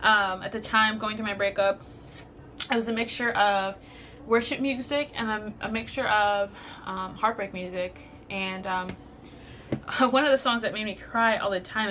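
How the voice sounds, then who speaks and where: A young woman from Southern California talks in a loose, heartfelt podcast chat, with a bright, forward voice at a middle pitch. She rambles a little, stops to restart her thoughts, and gets emotional. A faint hum sits behind her. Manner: earnest, emotional, rambling with fillers. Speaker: podcast host. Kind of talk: casual faith-based advice talk.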